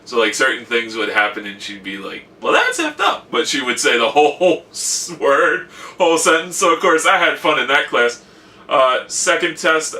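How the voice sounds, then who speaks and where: Here a young man's medium-pitched, bright, pushed voice comes from a distant mic as he chats casually about his college semester. His storytelling leans heavily on quoted asides.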